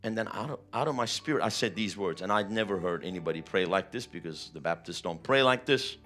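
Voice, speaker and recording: A man's voice: low voice, expressive, brisk, a bit bright, faint music behind. A man preaching a sermon, retelling a personal testimony with vivid, emotional storytelling. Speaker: pastor.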